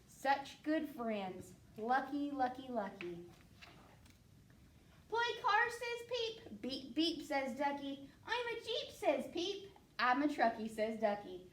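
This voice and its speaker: A woman librarian reading a children's picture book aloud in a playful, animated way, with sound effects. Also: high voice, takes it slowly, a little hiss or hum. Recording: echoey room, mic at a distance.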